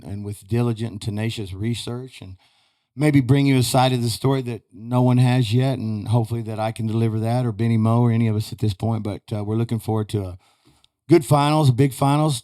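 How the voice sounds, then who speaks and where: A man's voice: medium pitch, dark tone. A man telling rambling, folksy stories as a guest in a studio. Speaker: podcast guest, retired rodeo roper. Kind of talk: casual chat.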